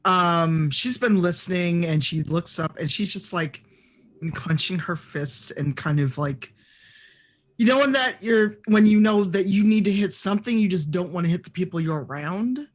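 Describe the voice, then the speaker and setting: A man's voice: sits high, normal speed. A man playing in a tabletop game, describing his character's actions in a casual, rambling way. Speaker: player.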